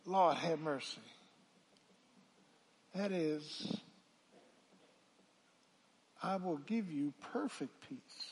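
A man pastor a sermon, swinging from hushed talk to loud calls and asking the congregation to answer back. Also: a little high, a little hiss or hum. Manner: preaching with call-and-response, swelling from hushed to loud.

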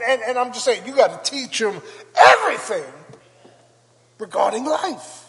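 An older male pastor preaching a sermon with call-and-response, building to shouts. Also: sits high. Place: church sanctuary. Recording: long church reverb.

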